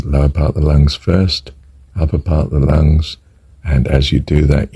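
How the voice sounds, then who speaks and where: Older man, very low husky voice, gravelly, dry close sound, calm breathing instruction. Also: dry recording. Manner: soft-spoken, drifts into whispered counting. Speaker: breathing teacher. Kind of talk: spoken meditation instruction.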